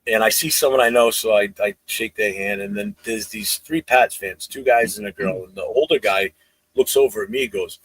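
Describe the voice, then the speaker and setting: A man's voice: lowish voice, normal speed, slightly rough, dry recording, low-quality recording. A man telling profane fan stories in a casual podcast chat. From New England. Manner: profane storytelling, animated. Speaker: podcast co-host.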